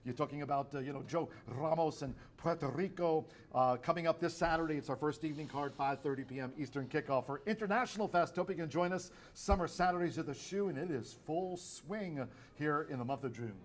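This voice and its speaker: A man co-hosts a horse racing show, running through upcoming events in a jokey, promotional way. His voice sits a bit high for a man. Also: brisk, few pauses, a little hiss or hum. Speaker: racing program co-host. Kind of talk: casual chat, promo talk.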